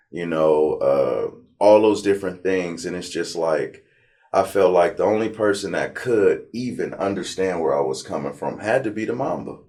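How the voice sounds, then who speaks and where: A man from Compton, telling his life story in a relaxed, slangy interview. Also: low-pitched. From Compton, California. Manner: animated storyteller, slangy, acts out his past self. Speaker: interview guest.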